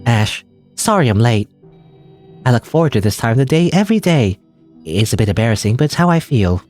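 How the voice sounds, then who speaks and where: A man's voice: mid-range voice, sing-song, fairly quick, darkish tone, faint music behind, close to an everyday voice. Guy doing a lovey teen gf voice, gushy and a bit creepy, swoops around a lot. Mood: affectionate. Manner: gushing and affectionate, with a creepy edge. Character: sweet, devoted teenage girlfriend.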